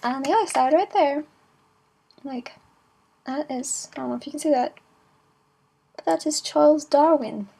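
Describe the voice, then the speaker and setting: A young woman chatting casually in a travel vlog, giggly and playful with quick asides. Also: sits high, vocal fry, mellow, slight background noise. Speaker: vlogger.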